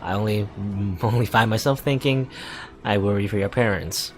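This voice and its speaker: A man's voice: fairly low pitch, normal speed, faint music behind. Man casually reading a visual novel aloud. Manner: casual, self-correcting, wry asides. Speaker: let's play narrator.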